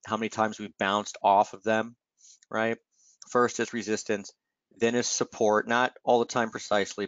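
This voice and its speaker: A man's voice: fairly low pitch, a bit bright, dry recording, lo-fi sound. A man hosting a live trading webinar, talking through charts in a loose, conversational way with lots of fillers and "right?" tags, and he has the hiccups. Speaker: webinar host, market analyst.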